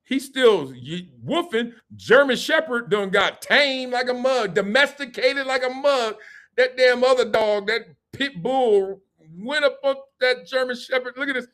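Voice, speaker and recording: Lively high-voiced man hosting a talk stream. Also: measured pace. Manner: animated, slangy, laughing while reacting to a clip. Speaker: host. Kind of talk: live-streamed sports and culture talk.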